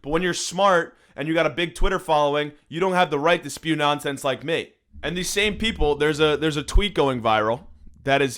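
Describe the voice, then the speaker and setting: A young man rants sarcastically on his podcast, alone and cursing plenty, captured on his phone in a room at home. His fairly bright, slightly high voice moves a little fast.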